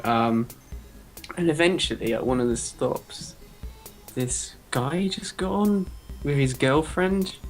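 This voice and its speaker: A man's voice: mid-range voice, creaky. A young man telling a story in a casual podcast chat, acting out the quotes. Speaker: podcast co-host.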